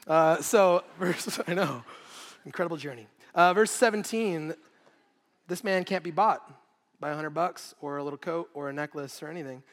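Brief: male pastor, relaxed and jokey sermon delivery, voice pitched a bit high. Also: normal speed. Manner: casual, joking, laughs between points.

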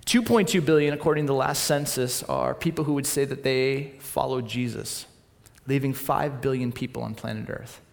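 A man from Southern California preaching a storytelling sermon, acting out voices and swinging from loud to quiet. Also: medium pitch, normal speed, vocal fry, in a large hall.

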